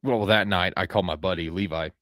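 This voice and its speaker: Man, very low voice, casual podcast storytelling, rambling, profane, dry close sound. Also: fast talker, fairly bright tone, no room sound. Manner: profane, rambling, acts out his own quoted lines. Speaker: podcast host telling a hunting story.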